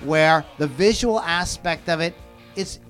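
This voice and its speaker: A man's voice: a little high, unhurried, a bit bright, faint music behind. A man hosting a casual podcast, rambling and often restarting his sentences as he reads out viewer comments. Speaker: podcast host. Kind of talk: casual chat on a live podcast.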